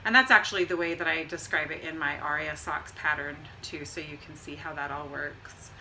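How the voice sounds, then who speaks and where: Bright-voiced chatty woman knitting. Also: sits low, fairly even intonation, a little fast, gravelly, slight background noise, rough recording. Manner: chatty, laughs often, rambling asides. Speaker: podcast co-host. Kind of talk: casual knitting chat.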